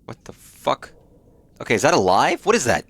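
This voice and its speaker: A man's voice: medium pitch, wildly swooping pitch, normal speed, a bit bright, husky, dry recording. A man streaming a game, giving casual commentary and swearing freely as he mutters startled remarks to himself.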